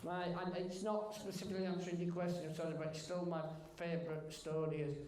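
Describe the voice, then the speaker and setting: A man's voice: sits high, little pitch movement, brisk, darkish tone, a little hiss or hum. A comedian at a cinema Q&A who tells a story with stammering restarts and keeps laughing as he goes. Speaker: comedian guest at a Q&A. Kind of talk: anecdotal storytelling. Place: cinema auditorium Q&A. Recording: roomy echoey cinema.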